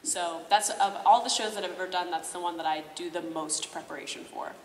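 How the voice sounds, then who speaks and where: A woman's voice: lowish voice, fairly quick. A woman who is a voice actress and voice director, chatting and giggling on a convention panel. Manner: chatty, giggly, lots of fillers. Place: large convention hall. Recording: echoey hall from far off, faint noise.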